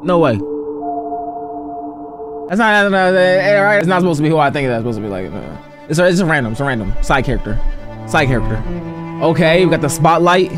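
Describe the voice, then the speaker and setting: A man hosting a reaction video, talking casually and excitably to his viewers, rambling between points. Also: a little high, fairly quick, long pauses, over music.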